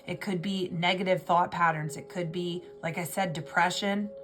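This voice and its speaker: A woman's voice: fairly low pitch, steady tone, moderate pace, background noise. A woman giving an intuitive tarot reading, talking in an emotional, rambling way and often restarting her words. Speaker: tarot reader.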